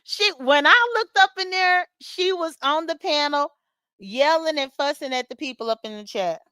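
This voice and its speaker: A woman's voice: high voice, animated, moderate pace, bright, forceful tone, dry recording. A chatty woman, recapping online drama in a casual morning chat with her viewers, laughing often and talking straight to commenters by name. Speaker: vlogger recapping livestream drama. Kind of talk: casual chat to viewers while getting ready.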